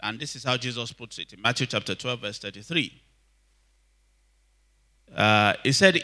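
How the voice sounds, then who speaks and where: A man preaching, his voice very bright and cutting. He drives points home by repeating lines and asking the congregation to answer back. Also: medium pitch, expressive, moderate pace, long pauses. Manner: emphatic, repeats lines, asks the congregation for responses. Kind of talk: sermon.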